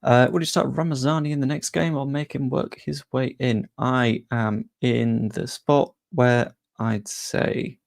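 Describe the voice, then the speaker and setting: A man hosting a football channel, chatting casually as he answers viewer questions with quick asides. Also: mid-range voice, steady tone, vocal fry. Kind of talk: casual live-stream Q&A.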